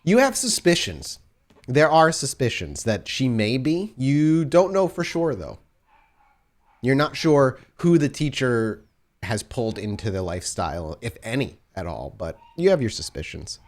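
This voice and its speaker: A man's voice: medium pitch, big pitch swings, unhurried. A man working as game master, narrating scenes to the players in the second person.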